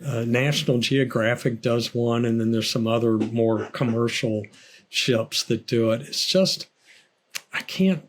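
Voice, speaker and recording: A man's voice: medium pitch, a little slow. An older man with a Southern American accent, an author guest telling stories in a casual interview and laughing often. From United States. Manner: chatty storyteller, laughs often.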